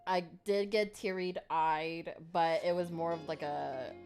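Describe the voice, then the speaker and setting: A woman's voice: on the low side, takes it slowly, darkish tone, faint music behind. A woman co-hosting a casual podcast chat, rambling with many fillers and laughing often. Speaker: podcast co-host.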